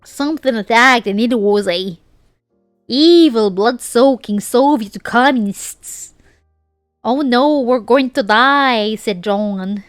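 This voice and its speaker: A woman's voice: fairly high pitch, slow pace, no echo, studio quality, faint music behind. A woman putting on a ditzy Southern girl, drawling and boastful. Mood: breathless. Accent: put-on American Southern. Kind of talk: reading a fanfic in a put-on voice.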